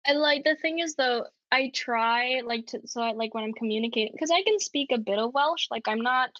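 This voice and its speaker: A young Canadian woman chatting casually, her voice pitched a little high and full of fillers and laughter. The recording is dull and lo-fi, with a dry, close sound. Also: a little fast, fairly bright tone, no echo. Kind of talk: casual chat.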